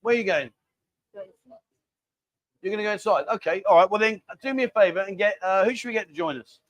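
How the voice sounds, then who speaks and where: Chatty man with a high voice. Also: fast, no room sound. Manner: rambling, chatty, cheeky banter. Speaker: livestream host. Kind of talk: casual live chat reading viewer comments.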